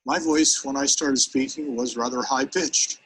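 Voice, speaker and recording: A man's voice: mid-range voice, fairly even intonation, measured pace, a bit bright, husky, low-quality recording. A man giving a live seminar on presentation skills, talking energetically and straight to his audience. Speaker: sales presentation trainer.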